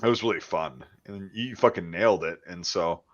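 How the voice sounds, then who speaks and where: A man casually chatting as a podcast host, swearing often and trailing off into quiet mumbles. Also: sits low, moderate pace, highs cut off. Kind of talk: casual chat.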